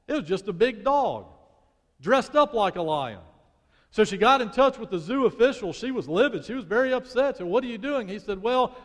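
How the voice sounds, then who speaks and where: A man preaching a sermon as pastor, swinging from loud emphasis to hushed prayer. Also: high-pitched. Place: church sanctuary. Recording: long church hall reverb.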